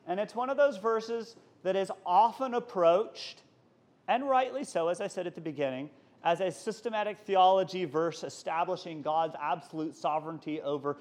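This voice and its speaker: A man leads a college Sunday school lesson in a relaxed, conversational way, with a voice pitched a bit above most men. He drops into quick asides and acts out the lines he quotes from the text. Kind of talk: Bible lesson to college class.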